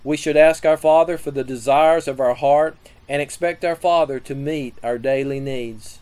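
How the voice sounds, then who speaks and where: A man giving a scripted sermon teaching on prayer, reading scripture and listing numbered points in a measured way. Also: a little high, a little mellow, clear, resonant tone, poor audio. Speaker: preacher.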